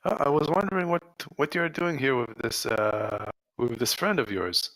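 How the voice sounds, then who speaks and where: A man's voice: mid-range voice, expressive, normal speed, fairly bright tone, poor audio. A man playing a character in a tabletop game, eager in his questions. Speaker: player. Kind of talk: tabletop role-play.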